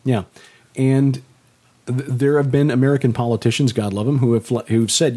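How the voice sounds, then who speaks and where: A man's voice: mid-range voice, fairly even intonation, normal speed, mellow, slightly rough. A man from the St. Louis area co-hosting a casual chat, stammering and restarting a lot and chuckling often. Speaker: co-host and novelist.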